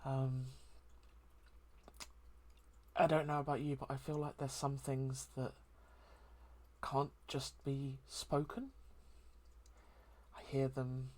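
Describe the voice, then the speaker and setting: A host talking through a heartfelt solo chat in a soft, hesitant and reflective way, with many pauses and ums. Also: mid-range voice, level tone. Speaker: daily channel host.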